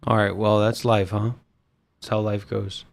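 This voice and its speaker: A man's voice: lowish voice, flat delivery, unhurried. A man hosting an online voice chat stage, talking casually, crude and swearing, trading insults.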